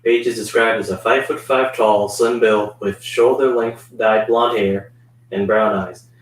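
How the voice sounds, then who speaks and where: A man's voice: on the low side, fairly even intonation, measured pace. Wisecracking man heard from across a room. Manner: dry, wisecracking asides. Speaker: co-host and helper. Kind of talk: casual live stream chat. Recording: roomy sound, distant from the mic.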